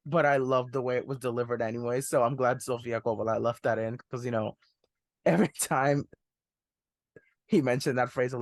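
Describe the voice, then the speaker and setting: A man's voice: medium pitch, brisk, no echo, studio quality. A young man hosting a film review podcast, chatting casually and enthusiastically, often laughing while he talks. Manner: enthusiastic, laughs while talking, says "one hundred percent". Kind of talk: casual movie review chat.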